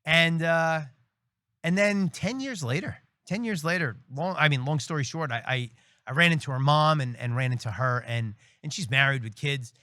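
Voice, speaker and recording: Middle-aged New man, a priest guest telling stories; bright, lively delivery with voices acted out, dry close sound. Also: fairly high pitch, moderate pace, dry recording. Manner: animated storyteller, acts out quoted voices, laughs often. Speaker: priest and military chaplain, guest. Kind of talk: casual storytelling interview.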